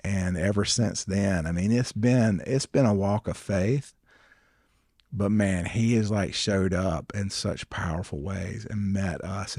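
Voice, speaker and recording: A man, a ministry founder and guest, sharing stories in an earnest, animated way, often restarting his sentences. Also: on the low side, no echo, studio quality. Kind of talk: conversational storytelling interview.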